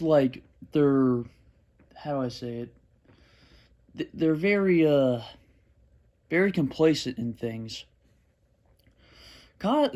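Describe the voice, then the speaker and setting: A man's voice: medium pitch, mellow. A young man ranting about a video game series, rambling with restarts and frustrated sarcasm. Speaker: gaming commentary youtuber. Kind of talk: unscripted gaming rant.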